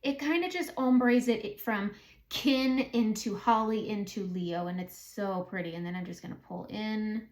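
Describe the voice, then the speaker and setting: A beauty vlogger with a Southern American accent chats casually through a makeup tutorial, thinking aloud and talking to herself as she applies it. Her voice is medium-pitched and slightly mellow, at normal speed.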